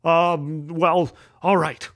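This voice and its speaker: A man's voice: a little high, little pitch movement, drawn-out words, a bit bright, voice pushed down. A man voicing a tough schoolyard bully boy who growls out blunt demands in a storybook reading. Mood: gruff.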